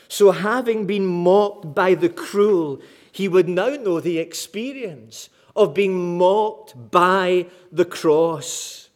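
A man's voice: sits high, slow pace. A man preaching a sermon in an emphatic, dramatic way, repeating key phrases for weight.

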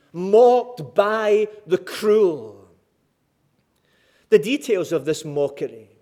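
A man's voice: sits high, darkish tone. A man preaching a sermon in an emphatic, dramatic way, repeating key phrases for weight.

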